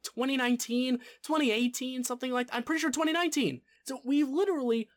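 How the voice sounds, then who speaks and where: Man, podcast co-host, heated rant, casual sports talk, curses freely. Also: extremely high pitch. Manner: fired-up ranting, swearing.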